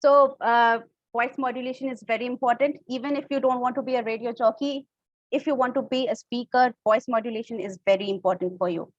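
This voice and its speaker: A woman's voice: on the high side, steady tone, a little fast, dry recording, muffled recording. A woman with an Indian English accent, teaching a public speaking class online, explaining step by step and checking in with her listeners. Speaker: public speaking workshop instructor.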